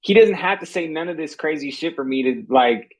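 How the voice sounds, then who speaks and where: A young man in a casual podcast chat, speaking in a loose, slangy, relaxed way. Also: on the high side, brisk, poor audio.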